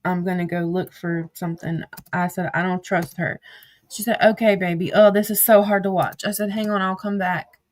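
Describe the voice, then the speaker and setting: A woman's voice: fairly low pitch, steady tone, moderate pace, darkish tone. Woman commentator, blunt and foul-mouthed, reads out text messages casually and breaks into sudden outbursts. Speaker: social media drama commentator.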